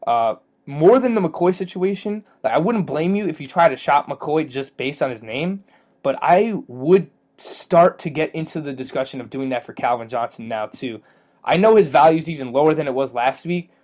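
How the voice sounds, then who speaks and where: A man co-hosting a fantasy football podcast, chatting casually, rambling with fillers and quick to joke and laugh. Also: fairly high pitch, expressive, a little mellow. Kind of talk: casual sports chat.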